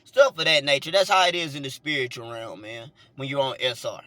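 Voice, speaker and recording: A man's voice: medium pitch, brisk, pushed and bright, no room sound. A man with a Southern accent, talking casually from inside a car, rambling and repeating words as he tells a story. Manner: rambling, repeats words, chuckles between points. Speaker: vlogger and minister.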